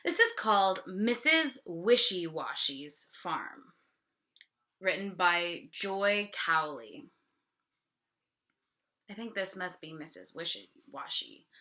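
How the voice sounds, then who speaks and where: Slow, bright-voiced teacher reading aloud. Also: female voice, mid-range voice. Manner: slow, questioning, explaining. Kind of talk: read-aloud for young children.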